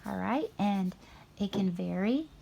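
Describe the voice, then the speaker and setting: Middle-aged lady walking kids through painting, chatty and upbeat, bit of fry in her voice. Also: mid-range voice, expressive, a little slow, mellow, highs cut off. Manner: chatty, encouraging, talks to children. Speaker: art teacher. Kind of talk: kids' painting lesson.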